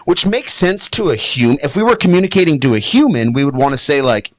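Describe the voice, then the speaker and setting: A man talking as a dog trainer guest on a studio podcast, animated and explaining with acted-out examples. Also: fairly quick, dry recording. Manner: animated, acts out high excited voices when quoting owners. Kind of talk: podcast interview.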